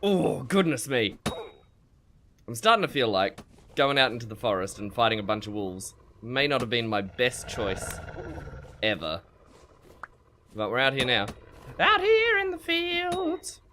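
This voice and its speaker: A man streams a survival game, reading chat, narrating his fights, talking to himself and laughing a lot in an animated way. His voice is on the low side and unhurried, with long pauses. Slight background noise is audible.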